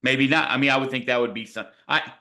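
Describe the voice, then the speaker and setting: A man's voice: mid-range voice, quick pace, sharp tone. A man co-hosting a casual sports podcast, reflective and full of hedges, playfully pushing back on his partner. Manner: hedging, reflective, playfully argumentative. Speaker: podcast co-host.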